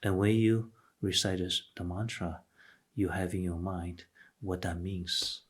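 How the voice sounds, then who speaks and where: A man's voice: low voice, steady tone, measured pace, breathy edge. A man giving a patient, explanatory Buddhist lecture, often restarting and saying "okay" between points. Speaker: Buddhist teacher. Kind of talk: Dharma lecture.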